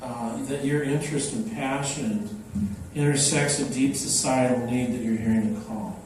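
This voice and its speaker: An older man giving an unhurried, anecdotal talk to an audience, with many fillers, recorded from afar in a large echoey hall. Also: medium pitch, darkish tone, distant mic, a little hiss or hum. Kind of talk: public talk. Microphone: microphone, then unamplified.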